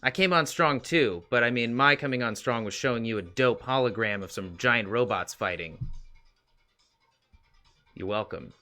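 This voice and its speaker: A cocky twelve-year-old hacker girl, as a man puts her on in a tabletop game, boastful and offhand. The voice is bright and forward at a middling pitch. Faint music plays behind. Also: normal speed, close to an everyday voice. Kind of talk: tabletop role-play in character.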